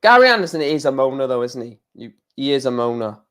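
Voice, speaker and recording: A man's voice: mid-range voice, quick pace, clear, resonant tone. Chatty young man commenting on darts live. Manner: chatty, excitable, swears mildly, rambling asides. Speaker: livestream host. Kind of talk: casual darts watchalong commentary.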